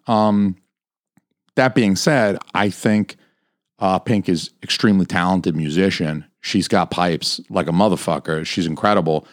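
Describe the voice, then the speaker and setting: A man's voice: sits low, no room sound. A man hosting a podcast alone, ranting crudely and rambling from topic to topic, full of swearing, from a home studio mic. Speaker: podcast host. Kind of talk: solo podcast rant.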